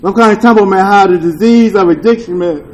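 A man with a notably high voice shares a candid testimony at a recovery meeting. He talks in loose street slang, swears freely, and keeps checking in with "you dig?" His tone is earnest and confessional. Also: quick pace, low-quality recording. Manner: earnest and confessional, with rueful laughs. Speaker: speaker sharing at a recovery meeting.

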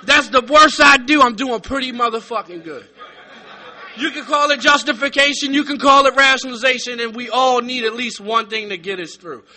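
Brief: middle-aged man, very high voice, profane meeting share that swings from loud to hushed. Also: brisk. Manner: profane, swinging from shouting to quiet sincerity. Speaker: speaker sharing at a recovery meeting. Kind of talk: raw comedic testimony. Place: meeting room.

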